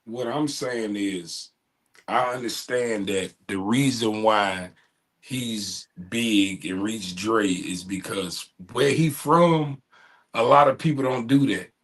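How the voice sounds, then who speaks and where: A man's voice: on the low side, slow, fairly bright tone. A man co-hosting a podcast, talking in a blunt, profane, joking way. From United States. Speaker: podcast co-host. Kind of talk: casual chat.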